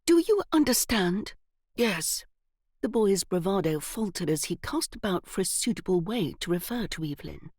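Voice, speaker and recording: Woman narrating an audiobook, lively tone. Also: on the low side, fairly quick, few pauses, no echo, clean studio sound.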